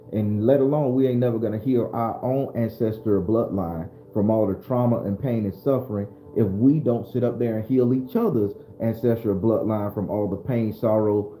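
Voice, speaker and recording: A man's voice: lowish voice, warm tone, echoey room. A man hosting a casual live-streamed spiritual talk, loose and preachy, speaking straight to his viewers. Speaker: spiritual livestream host.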